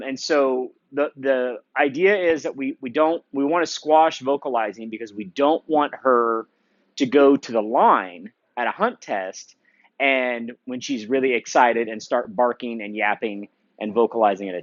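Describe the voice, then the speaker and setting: A male dog trainer explaining a training session in a relaxed way, with many fillers, breaking off to give the dog short, sharp commands. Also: medium pitch, no room sound, highs cut off. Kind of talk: training demonstration with commentary.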